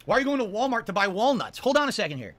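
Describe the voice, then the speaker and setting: A man ranting on a livestream in a scornful, loud and profane way. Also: high-pitched, sing-song, very fast, dry recording. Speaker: streamer being reacted to. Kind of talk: ranting commentary.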